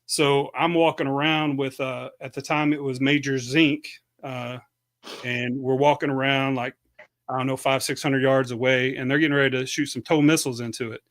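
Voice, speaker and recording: A man's voice: medium pitch, moderate pace, no echo. A man, an army veteran guest on a podcast, casually recalling his service with a few swear words. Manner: relaxed, profane recollection. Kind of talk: casual chat, recounting memories.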